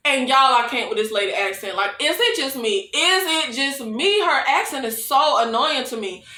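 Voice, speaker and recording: A young woman, recapping a TV episode in a sassy, expressive way and laughing often. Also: high-pitched, moderate pace. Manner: expressive, sassy, laughs often, calls viewers "y'all" and "baby". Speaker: TV recap reviewer. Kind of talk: casual, animated episode recap. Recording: echoey room.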